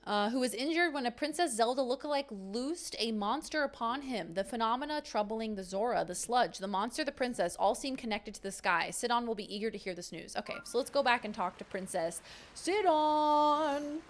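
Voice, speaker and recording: A woman's voice: a little high, lively intonation, normal speed. A young woman streamer chatting casually and playfully with her viewers while playing a game. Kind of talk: casual livestream gaming chat.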